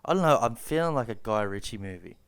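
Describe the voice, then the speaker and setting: A man's voice: medium pitch, expressive, fast talker, clean tone. A man co-hosting a casual podcast, easygoing and encouraging. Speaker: podcast co-host. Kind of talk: casual chat.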